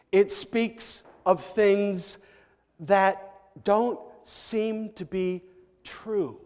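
A man preaching a sermon as a pastor, telling a story in an unhurried way with emphatic rises, heard in the long reverb of a church sanctuary. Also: high-pitched.

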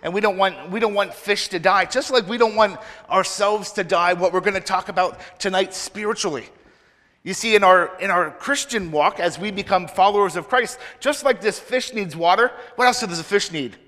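A man's voice: high voice, normal speed, bright, forceful tone. A man giving a children's sermon in a church, playfully asking the children many questions. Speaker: children's minister. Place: church sanctuary. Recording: reverberant church hall.

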